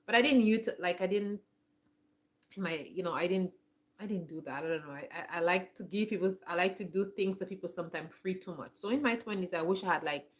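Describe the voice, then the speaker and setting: A woman's voice: fairly low pitch, fairly quick. A woman in her forties talking in a casual, reflective monologue, rambling and restarting her sentences often. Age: 40s. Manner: rambling, with many restarts and "like" fillers. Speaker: homestead vlogger.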